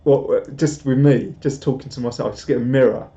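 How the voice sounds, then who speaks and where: A young man's warm, medium-pitched voice runs a little fast with fairly even intonation as he hosts a live stream, reading viewer comments and rambling with self-deprecating humour. The home recording is roomy and a bit dull.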